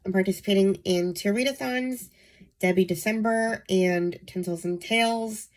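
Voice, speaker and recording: A woman hosting her book channel, sick and nasal, talking softly to save her voice, with frequent ums. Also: medium pitch, moderate pace. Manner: soft-spoken, saving her voice, many ums. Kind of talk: casual book vlog.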